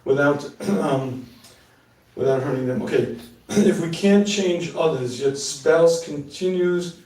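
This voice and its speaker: A middle-aged man with a high-pitched voice gives a live talk and answers questions from the audience. He is animated and joking, and laughs at his own asides. He is picked up from a distance in an echoey hall. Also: slow pace. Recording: echoey room, mic at a distance.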